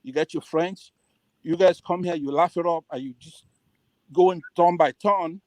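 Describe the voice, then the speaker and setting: A man phones into a call-in show and presses his complaint, insistent and demanding. His voice sits high, and the sound is bone dry with no room around it. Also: normal speed, a little mellow, no room sound. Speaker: caller.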